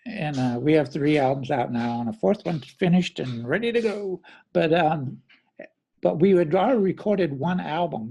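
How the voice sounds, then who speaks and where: A man's voice: a little high, vocal fry, mellow, breathy edge. A middle-aged man, a drummer being interviewed, telling rambling stories in a casual way and often correcting himself. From American Midwest. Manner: rambling, self-correcting anecdotes with acted quotes.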